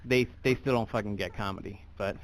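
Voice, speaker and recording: A young American man doing stand-up comedy in a dry, deadpan, rambling way. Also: fairly low pitch, fairly quick. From United States.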